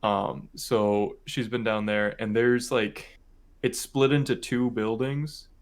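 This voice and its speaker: A man's voice: on the low side, takes it slowly. Rambling young man telling a story. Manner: rambling, full of "like" and "um", animated when telling a story. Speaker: podcast co-host. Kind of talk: casual storytelling chat.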